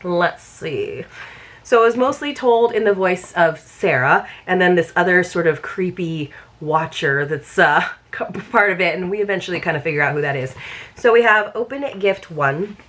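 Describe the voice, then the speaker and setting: A woman's voice: fairly low pitch, animated, moderate pace, a bit bright. A woman reviewing a book subscription box in a casual, chatty unboxing video, rambling and circling back on herself as she talks.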